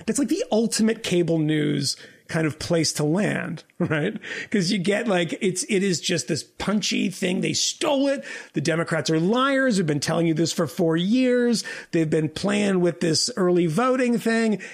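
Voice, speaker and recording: Gravelly podcast guy ranting and swearing, kinda high voice. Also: measured pace. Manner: animated, profane, ranting with mock quotes. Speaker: podcast co-host. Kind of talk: heated political podcast rant.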